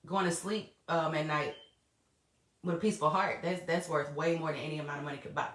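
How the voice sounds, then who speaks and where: A woman with a low, steady, fairly bright voice speaks a little fast in her casual solo podcast, talking straight to her audience with plenty of laughter and free swearing. It's captured on a laptop or voice memo in an echoey room.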